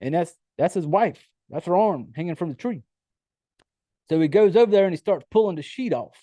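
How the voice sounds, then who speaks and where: Male podcast host, casual film recap, cusses freely; higher-pitched, warm tone, dry close sound. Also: expressive, a little fast, no echo. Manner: loose, profane storytelling with many fillers. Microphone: home computer setup.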